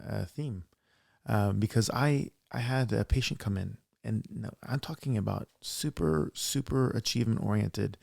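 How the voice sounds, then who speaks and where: A man co-hosting a conversational podcast, with a gravelly voice of middling pitch. He tells his stories emphatically and with animation, and the sound is close and dry. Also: a little mellow, no echo. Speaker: podcast co-host; practitioner who sees patients.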